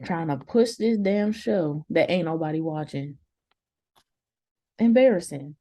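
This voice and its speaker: A woman co-hosting a casual TV review chat, animated and slangy, often laughing. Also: low-pitched, unhurried. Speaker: co-host of a TV review show.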